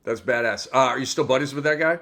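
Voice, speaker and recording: A man hosting a fantasy basketball podcast, energetic and joking, with many fillers and restarts. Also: mid-range voice, fast talker, gravelly. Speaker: podcast host. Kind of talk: casual sports podcast chat.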